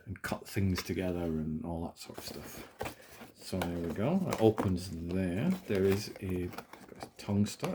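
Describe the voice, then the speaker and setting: A low-voiced man chats casually while unboxing toys, joking at his own expense as he cuts and snaps parts together. He sounds relaxed and talkative in a small office, with a faint hiss behind him. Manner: chatty, self-deprecating, talks while working with his hands. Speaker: toy unboxing host.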